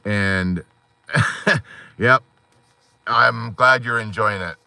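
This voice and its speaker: A man hosting an unscripted live stream from inside his parked car at night, rambling and animated, slipping into quoted voices. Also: lowish voice, drawn-out words, creaky, smooth, dry recording. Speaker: live-stream host of a divorced dads channel.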